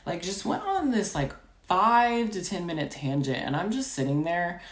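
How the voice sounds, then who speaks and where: Low-voiced woman in an echoey room. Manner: chatty, full of "like" and "you know"; rapid, animated retelling. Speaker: storytime vlogger. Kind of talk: casual storytelling.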